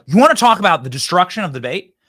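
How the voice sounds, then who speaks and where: Animated man ranting, lively pitch. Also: rapid-fire, slight background noise. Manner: emphatic, repetitive, rising to near-shouts when acting out debate lines. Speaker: political commentary host. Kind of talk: animated political monologue.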